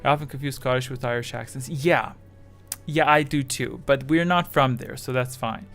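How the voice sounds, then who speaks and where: A man's voice: medium pitch, normal speed, vocal fry, fairly bright tone, soft background music. A man chatting casually with his live chat as a streamer, rambling and self-deprecating, with English that is not his first language.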